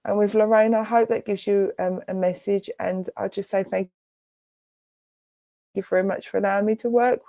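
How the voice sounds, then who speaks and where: An English woman giving a gentle, reassuring clairvoyant reading as a spiritualist medium during an online church service. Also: mid-range voice, fairly even intonation, normal speed, dry recording. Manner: soft, reassuring, affectionate, addresses listener as darling and lovely.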